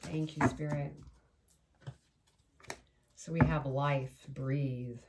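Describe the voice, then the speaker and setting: A woman's voice: rumbling low, fairly even intonation, extremely slow, distant mic, heavy background noise. A woman giving a chatty, meandering tarot reading to camera, speaking aloud to spirit as she pulls cards. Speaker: tarot reader.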